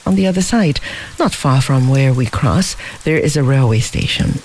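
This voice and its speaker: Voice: mid-range voice, animated, normal speed, a little mellow, slight background noise, pitched below the performer's own voice, close to an everyday voice, low-quality recording. A reader voicing a careless, well-off young man who jokes and teases but turns earnest. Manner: joking, then earnest.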